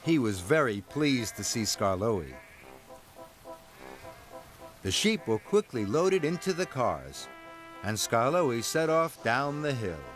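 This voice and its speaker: Male storybook narrator: slow, animated delivery, with music underneath. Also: mid-range voice.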